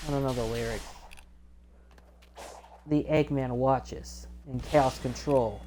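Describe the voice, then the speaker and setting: A low-pitched woman chatting through a let's play, recapping scenes in a loose, rambling way. She corrects herself often and slips into voices for the characters she quotes. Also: fairly even intonation, slow pace, long pauses, mellow, slight background noise. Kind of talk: rambling game recap chat.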